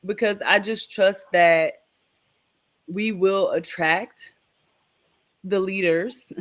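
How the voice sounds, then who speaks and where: A woman's voice: mid-range voice, steady tone, slow pace, fairly bright tone. A woman co-hosting a live stream, chatting in an upbeat, motivational way. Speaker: co-host. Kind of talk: casual live-stream chat.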